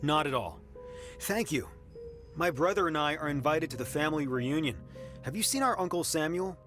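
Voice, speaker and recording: A man's voice: fairly high pitch, animated, normal speed, a bit bright. An actor playing a polite, earnest young man in a video game. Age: young adult. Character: polite young man visiting his family's hotel. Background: game music.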